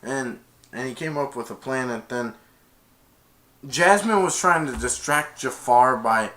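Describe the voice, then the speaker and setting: Expressive and sharp in tone, this medium-pitched reviewer speaks at a measured pace while retelling a movie plot. His casual, meandering recap leans heavily on "and then," restarting again and again.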